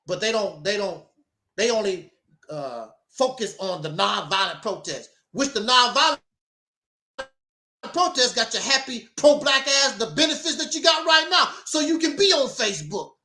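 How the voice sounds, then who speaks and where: A man with a strikingly high, bright voice preaches emphatically through a talk-show monologue. He drops mocking asides as he builds his points. The sound is roomy and echoey. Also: animated, moderate pace. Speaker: host.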